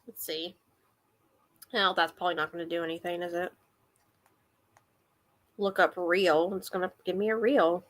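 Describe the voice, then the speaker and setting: A woman's voice: on the low side, fairly even intonation, moderate pace, long pauses. A woman hosting a book club chat, rambling and giggly, with lots of fillers. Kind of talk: casual chat.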